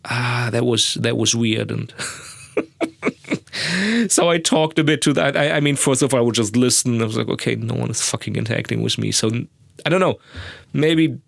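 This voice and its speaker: A man's voice: mid-range voice, normal speed, vocal fry, pauses often, no echo, studio quality. A young man, a podcast host rambling crudely and mocking himself, recorded in a sound booth. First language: German. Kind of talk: casual monologue.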